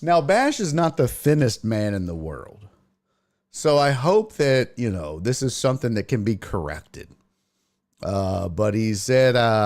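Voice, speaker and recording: Brief: male sports stream host, casual and profane, very animated pitch, chats with viewers. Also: unhurried. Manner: rambling, profane, reads chat aloud. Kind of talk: casual live-stream chat.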